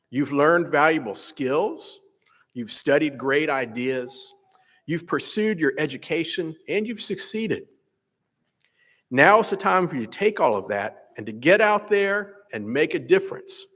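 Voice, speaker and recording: Man, commencement speaker at a podium, expressive lively delivery, big reverberant hall. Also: a little high. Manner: measured, earnest address. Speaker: faculty senate president. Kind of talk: commencement speech. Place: large hall. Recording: echoey hall PA recording.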